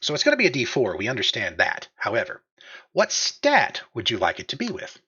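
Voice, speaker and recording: Brief: man, goofy game master, lively pitch, husky, bright, lo-fi mic. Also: brisk. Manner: animated, goofy, laughs often. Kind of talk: narrating a tabletop game on a live stream. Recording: slightly dull lo-fi mic.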